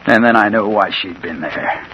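An actor playing a hard-boiled crime reporter who narrates in a dramatic, emotional way, in a 1940s-style radio drama on an old hissy broadcast recording. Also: male voice, on the low side, normal speed, highs cut off, close to an everyday voice. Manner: dramatic, emotional, swings from hushed to urgent. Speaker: narrator and lead.

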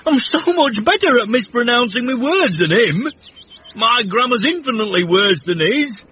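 A man's voice: very high voice, expressive, moderate pace, pushed and bright, full character voice. An actor playing a genteel, pompous middle-aged man in a radio comedy, speaking in an affected, prissy, theatrical way. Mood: wistful. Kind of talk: 1980s radio comedy acting. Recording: dull, faintly hissy radio recording.

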